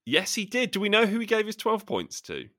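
A man's voice: sits high, sing-song, fairly quick, pushed and bright, no echo, clean studio sound. A man co-hosting a podcast, making wry, joking asides. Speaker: podcast co-host. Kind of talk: casual podcast chat.

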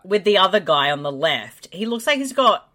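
A woman's voice: on the low side, very animated, moderate pace, sharp tone. A woman casually riffing on an old film with friends, blunt and sarcastic. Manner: sarcastic, blunt, laughs a lot. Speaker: film commentary co-host.

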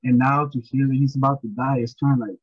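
A man's voice: medium pitch, flat delivery, quick pace, slightly rough, dry recording, dull audio. A man guesting on a podcast, chatting casually about a movie in a rambling way, often saying "you know.". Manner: rambling, repeats words and restarts, says "you know" often. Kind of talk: casual movie review chat.

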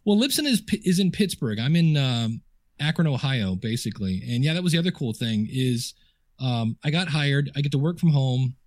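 A man guests on a podcast interview from his home office desk, telling chatty anecdotes packed with quoted dialogue and fillers. His mid-range voice is animated and a little mellow at a moderate pace. The studio-quality sound has no echo.

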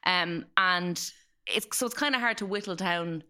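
Bright-voiced, playful Irish woman. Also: fairly low pitch, normal speed. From Galway, Ireland. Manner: playful, jokey storyteller. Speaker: podcast guest, comedian. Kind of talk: casual chat. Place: studio.

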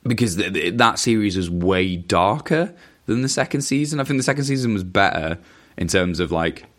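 A man's voice: low voice, expressive, normal speed, a bit bright. A man hosting a podcast, casually answering listener questions in a rambling, self-interrupting way with chuckling asides. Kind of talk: casual chat.

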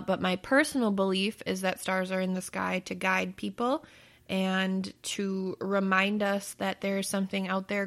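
A woman's voice: mid-range voice, fairly bright tone. A woman hosting a casual family chat, asking a child questions in a playful, upbeat way and laughing easily.

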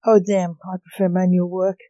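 A woman's voice: lowish voice, little pitch movement, normal speed, mellow, no room sound, close to an everyday voice, low-quality recording. A woman voicing an eager masked man in a chicken suit. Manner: eager, enthusiastic.

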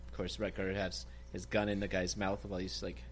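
A man's voice: deep voice, brisk, slight background noise. A man co-hosting a casual film podcast, trading crude jokes and banter. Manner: crude joking banter, lively. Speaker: podcast co-host. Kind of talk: casual comedic film chat.

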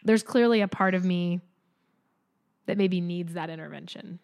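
A woman's voice: fairly low pitch, moderate pace, a little mellow. A woman hosting a podcast in casual chat, enthusiastic and affirming. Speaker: podcast host.

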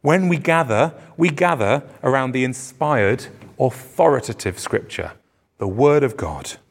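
A man's voice: medium pitch, expressive, unhurried, creaky. A man preaching a sermon to his congregation, earnest and emphatic, his phrases rising on key words. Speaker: pastor. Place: church service venue.

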